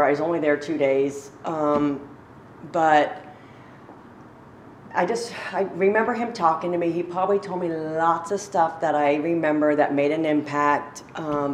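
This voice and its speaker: A woman giving a halting, reflective personal testimony as a recovery speaker, with many pauses and fillers. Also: low-pitched, a little mellow, roomy sound, a little hiss or hum.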